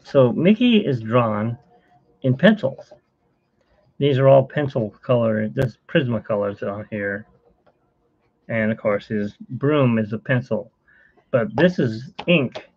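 A man's voice: mid-range voice, animated, slow pace, long pauses, husky, dull audio. A middle-aged man hosting a casual live stream from home, rambling and chuckling as he talks to viewers while he sketches. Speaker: host.

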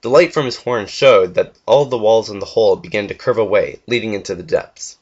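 A man's voice: lowish voice, fairly quick, a little mellow, breathy edge. A young man earnestly reading a fan story aloud, with the odd stumble and restart. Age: young adult. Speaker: fanfiction reader. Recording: dull lo-fi home recording.

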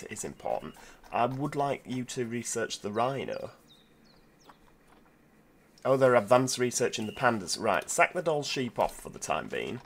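A man giving casual, chatty commentary while playing a zoo-building game, thinking aloud with lots of fillers, over quiet background music. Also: mid-range voice. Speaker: gameplay video host. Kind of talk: casual let's-play commentary.

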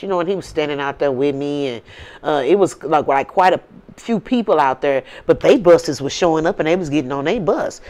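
A woman's voice: low-pitched, animated, normal speed, a little mellow. A woman with a St. telling a story in casual talk, blunt and swearing freely. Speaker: vlogger.

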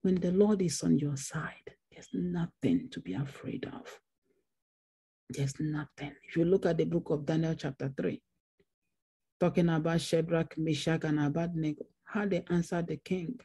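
A woman's voice: deep voice, normal speed, dark tone, slightly rough. A woman pastor preaching a Bible study sermon, repeating phrases for emphasis. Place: church.

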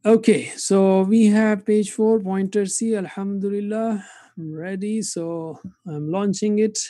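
A man teaching Quranic Arabic in an online class, saying word forms slowly and having students repeat them. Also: high-pitched, steady tone, dark tone, no echo. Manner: drills words slowly, asks class to repeat. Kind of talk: online lesson with drills.

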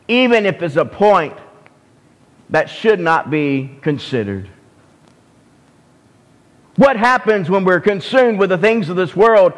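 A man with a Southern US accent preaching a sermon as pastor, slow and deliberate, often restarting his phrases. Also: high voice. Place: church sanctuary. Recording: long hall reverb.

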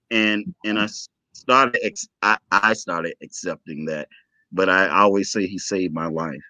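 Speaking at a moderate pace in a low voice, an interview guest shares an emotional personal story and animatedly acts out the dialogue. It's a dull, lo-fi, dry recording with no echo.

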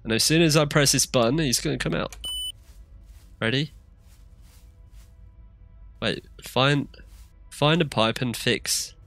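A man's voice: medium pitch, slow, gravelly, pauses often, fairly bright tone, soft background music. A young man giving jittery let's play commentary on a horror game, shrieking when scared. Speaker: gamer.

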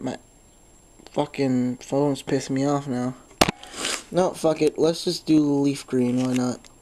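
Man hosting a casual phone how-to, mellow voice, stuffy nose, loose and rambling with fillers. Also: a little high, slight background noise. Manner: rambling, lots of "um", swears when frustrated. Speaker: tutorial host. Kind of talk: casual screen-recorded phone tutorial.

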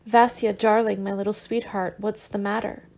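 A woman reader voicing a tender young man who gently coaxes and teases his sick lover in an audiobook. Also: medium pitch, little pitch movement, normal speed, lightly acted. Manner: gentle and coaxing, with soft teasing.

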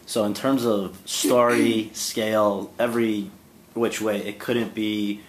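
A man interviewing an actress, asking his questions haltingly with many restarts and laughing along. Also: lowish voice, level tone, slight background noise, rough recording.

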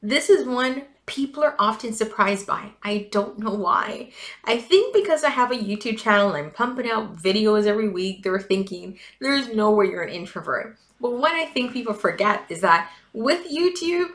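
A woman's voice: fairly high pitch, lively intonation, normal speed, fairly bright tone. A chatty, giggly woman from Jamaica with a light Jamaican accent blended with Canadian, talking casually in a personal vlog. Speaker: vlogger, event business coach. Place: at home.

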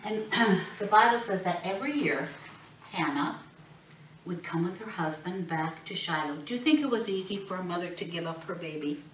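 A woman with a lowish, expressive voice tells children a Bible story at a moderate pace, acting out the characters' voices and asking the kids questions. Recorded from a distance in an echoey classroom or church room, the audio has a little hiss or hum.

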